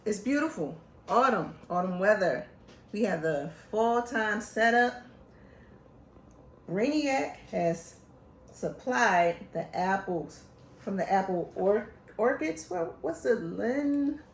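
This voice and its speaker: A woman from Philadelphia hosting a casual show, talking in an animated, joking, chatty way. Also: medium pitch, takes it slowly, reverberant, slight background noise. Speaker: host. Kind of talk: casual chat.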